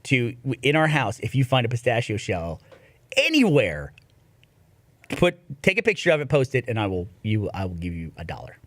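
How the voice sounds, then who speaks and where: A man's voice: mid-range voice, normal speed, no room sound. A man co-hosting a podcast in casual chat, joking and telling stories. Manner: animated, joking storyteller. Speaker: podcast co-host.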